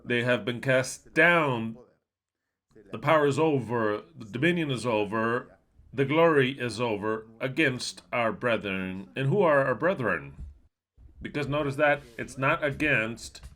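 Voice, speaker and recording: A man giving a livestreamed Bible teaching. He is emphatic and asks many rhetorical questions, swinging between loud and soft, with blunt, coarse asides. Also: medium pitch, lively intonation, measured pace.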